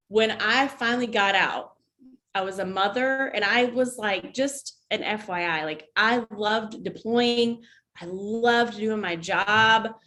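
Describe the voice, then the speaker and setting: A woman's voice: medium pitch, fairly bright tone. A woman who is an army veteran, talking candidly and conversationally to her viewers in a casual vlog, often breaking off for asides. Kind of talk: casual talk to camera.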